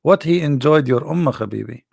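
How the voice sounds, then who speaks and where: A man's voice: on the high side, lively intonation, a little fast, creaky, a little mellow, no echo, clean studio sound, exaggerated voice. A man voicing a coaxing, fussy old male prophet, who keeps repeating a mocking endearment in a put-on voice.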